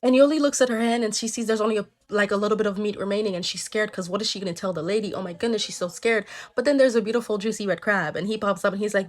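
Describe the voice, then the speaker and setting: A woman's voice: medium pitch, brisk. A woman retelling folktales casually, with playful, slangy asides. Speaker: storyteller.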